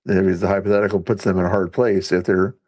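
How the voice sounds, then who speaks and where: A man's voice: low voice, flat delivery, quick pace, darkish tone, no echo. A man streaming live and playfully commenting to his chat. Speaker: live streamer reacting to clips.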